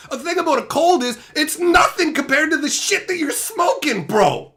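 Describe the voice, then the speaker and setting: A man from Canada hosting a livestream, ranting at viewers with heavy swearing, sarcasm and shouted outbursts. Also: very high voice, lively intonation, moderate pace, hardly any pauses. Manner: mocking, sarcastic. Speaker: livestream host.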